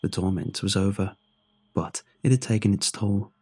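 A man narrating a first-person horror story in a somber, measured way. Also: lowish voice, darkish tone, slightly rough.

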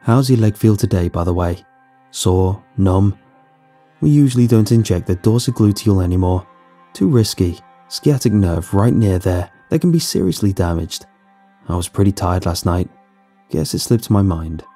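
A man playing a cold, mocking small-town doctor who speaks in a calm, matter-of-fact way, in a spoken horror story. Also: deep voice, moderate pace, faint music behind.

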